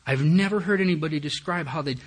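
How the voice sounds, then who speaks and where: A man's voice: on the high side, quick pace, slightly rough. A man giving personal recovery testimony at a meeting, a candid and self-mocking storyteller who acts out his own thoughts.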